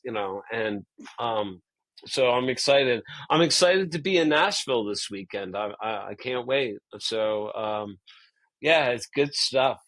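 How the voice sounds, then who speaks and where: A man talking as a guest in a casual conversation, upbeat and giddy from lack of sleep, halting with restarts and fillers. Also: mid-range voice, animated, a bit bright, no room sound, low-quality recording. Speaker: guest musician.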